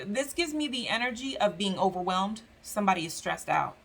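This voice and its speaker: A woman giving a casual tarot reading to viewers, talking in a loose, chatty way with many fillers. She often slips into quick acted-out voices for the people and spirits she describes. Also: medium pitch, expressive, sharp tone. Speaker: tarot reader.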